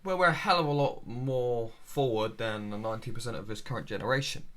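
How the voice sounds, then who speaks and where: A man in a mid-range voice throws dry, deadpan one-liners into casual podcast banter. He swears often. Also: medium pitch, fairly quick. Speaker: podcast co-host.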